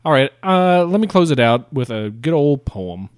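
A man co-hosting a comedy podcast, joking in casual chat and reading verse in a measured cadence. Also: mid-range voice, big pitch swings, clean tone, dry recording, studio quality. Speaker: podcast co-host.

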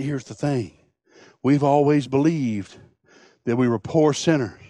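A man preaching a sermon, folksy and impassioned, swinging from hushed to booming. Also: dry recording, clean studio sound. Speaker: pastor.

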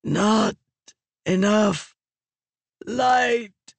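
A narrator voicing a dying ancient female Fused, croaking in slow, broken phrases for an audiobook. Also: mid-range voice, no room sound, pitched above the performer's own voice, exaggerated voice. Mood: weak, urgent. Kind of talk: audiobook character reading.

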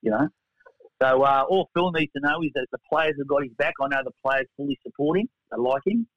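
Brief: man, podcast guest, jokey and animated, dry dull remote-call sound. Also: mid-range voice, a little fast, dry recording. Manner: animated, jokey, uses "mate" often. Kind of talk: casual podcast chat.

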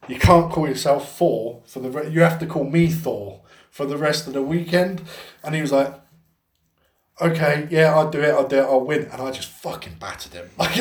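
A man's voice: a little high, gravelly, reverberant. A young adult Englishman co-hosting a podcast, swearing a lot and telling a story animatedly. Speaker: podcast co-host. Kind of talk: casual storytelling chat.

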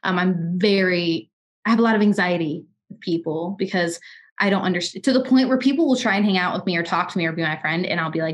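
A woman's voice: mid-range voice, quick pace. A woman in her twenties in casual podcast chat, telling personal stories candidly and often restarting her sentences. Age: 20s.

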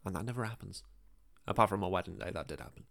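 A man's voice: deep voice, very fast, creaky, a bit bright, no echo, clean studio sound. A man with a northern English accent hosting a casual podcast chat, self-deprecating and full of ums. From northern England. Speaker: podcast host.

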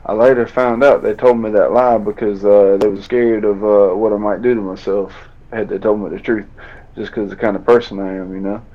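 A man, a fighter telling a painful story in an interview, drawling and halting as he acts out old conversations. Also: lowish voice, little pitch movement. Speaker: bare-knuckle fighter guest. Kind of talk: emotional storytelling in a podcast interview. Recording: dull lo-fi audio.

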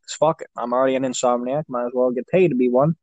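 A young man telling a long, rambling story in casual chat, full of swearing and filler words. His pitch sits in an ordinary middle range. The sound is dry and close, with no room around it. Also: fairly even intonation, fast talker, darkish tone, dry recording, highs cut off.

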